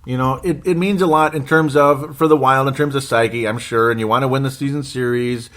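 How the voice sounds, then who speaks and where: A man's voice: mid-range voice, fairly even intonation, brisk, a bit bright. A man gives casual solo sports commentary as a podcast host, rambling and correcting himself, anxious and wry with frequent chuckles.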